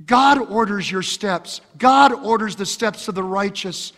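A man preaching a sermon, impassioned, repeating his phrases and swinging between loud exhortation and hushed storytelling. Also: sits high, a little slow, big-room sound. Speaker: pastor. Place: church.

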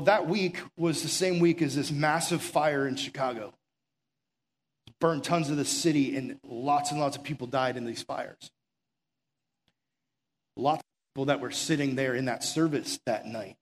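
A young adult man preaching a sermon, earnest and urgent, telling stories conversationally with filler words and dropping to quiet, intimate stretches. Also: medium pitch, a little slow, pauses often. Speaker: pastor.

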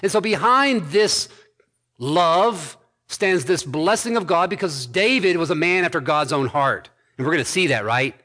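A man preaching an expository sermon, building to emphatic points with quick asides. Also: a little high, lively intonation, bright, forceful tone. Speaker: pastor.

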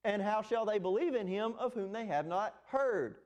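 A man's voice: high voice, normal speed, a little mellow, dull audio. A man preaching an expository sermon, earnest and emphatic, with fillers and restarts. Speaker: pastor.

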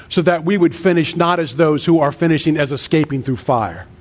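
A man in his sixties, a pastor preaching a sermon with an earnest cadence and emphatic repeated lists. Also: a little high. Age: 60s.

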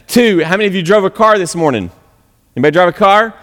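Man, pastor, casual animated sermon, sarcastic streak, fairly high voice, long echoing reverb. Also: quick pace. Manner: conversational, sarcastic, animated preaching.

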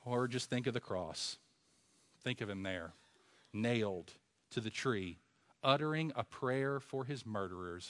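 A man preaching a sermon, asking rhetorical questions and swinging from a hush to loud emphasis. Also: mid-range voice, animated, unhurried.

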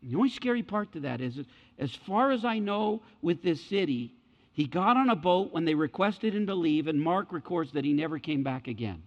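An earnest, emphatic man preaching a sermon with a fairly high voice, often stopping to check in with his listeners. The sound is dull and lo-fi, with a long reverb trailing behind his words. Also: expressive, normal speed. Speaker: pastor.

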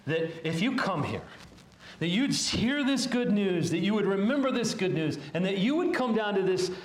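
A pastor delivering a sermon in an earnest, halting way, often restarting phrases. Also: male voice, sits high, sing-song, echoey room.

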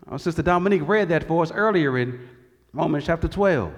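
A man's voice: high voice, animated, normal speed, a bit bright, big-room sound. A man preaching a sermon in earnest, lifting his voice on the quoted cries to God. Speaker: pastor.

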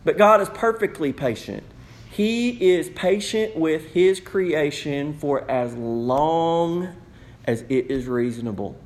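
A man preaching a sermon to a congregation, animated and playful, acting out questions in raised voices. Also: a little high, slow. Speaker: pastor. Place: church sanctuary.

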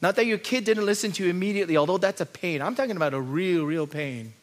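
A man preaching a sermon as pastor, moving from quiet low asides to loud, urgent pleading and repeated rhetorical lists. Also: quick pace.

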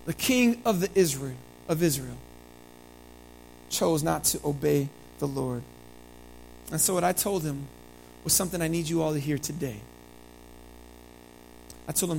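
A preacher giving a sermon told in first person as a biblical prophet, with dramatic storytelling that swings from loud emphasis to hushed, low delivery. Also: animated, a little slow, gravelly, long pauses, a little hiss or hum, rough recording.

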